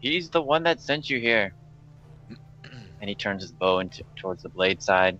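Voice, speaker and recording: A man's voice: lowish voice, animated, normal speed, bright, forceful tone, faint music behind. A man playing a tabletop game, blunt and dry. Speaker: player. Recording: dull, lo-fi mic.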